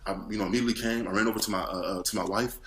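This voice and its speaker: A man telling a personal testimony in a halting way, with many restarts and repeated words. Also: fairly low pitch, steady tone, fairly bright tone, a little hiss or hum. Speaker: testimony speaker. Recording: echoey room.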